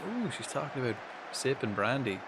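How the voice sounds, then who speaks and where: A man's voice: mid-range voice, big pitch swings, fairly quick, a crowd in the background, noisy background. A young man streaming a football management game, muttering to himself, swearing and chatting loosely with his viewers. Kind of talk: casual live-stream commentary.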